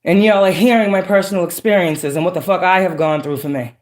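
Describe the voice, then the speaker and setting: A woman's voice: lowish voice, fast talker. Woman tarot reader, profane, preachy, emphatic monologue. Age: adult with children. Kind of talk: casual monologue.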